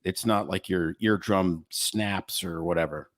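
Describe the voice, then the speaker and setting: A man's voice: low voice, a little slow, a bit bright, no room sound, clean studio sound. A man co-hosting a podcast, a physician who explains medical conditions in casual, joking chat. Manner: chatty, explains medical terms with playful jokes.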